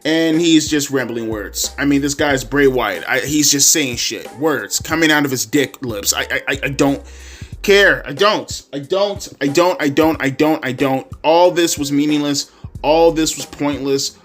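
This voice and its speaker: A man giving a profane, sarcastic live-reaction rant about a wrestling show, swinging from loud outbursts to low mutters. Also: moderate pace, soft background music.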